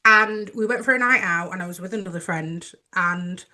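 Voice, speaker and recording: A woman's voice: fairly low pitch, normal speed, bright, forceful tone. A woman co-hosting a chatty podcast, telling stories and laughing often. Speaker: podcast co-host. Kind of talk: casual chat.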